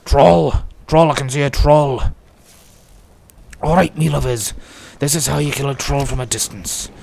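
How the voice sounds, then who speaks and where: A man's voice: medium pitch, fairly even intonation, a little slow, gravelly, a little mellow, a little hiss or hum. A man giving chatty, jokey commentary as he plays a game and talks to himself. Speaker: let's play host. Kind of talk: casual gameplay commentary.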